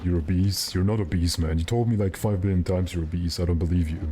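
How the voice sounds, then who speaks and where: A man's voice: deep voice, fairly even intonation, quick pace, background noise. A young man streaming a game, chatting casually and rambling with his viewers while he plays. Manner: rambling, joking, answers chat.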